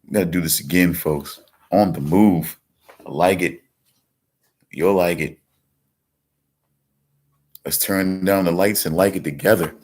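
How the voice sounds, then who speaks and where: A deep-voiced man hosting a casual livestream. He rambles along, restarting sentences and repeating words such as "certainly" as he talks to his viewers. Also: steady tone, unhurried, long pauses, a little mellow. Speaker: livestream host.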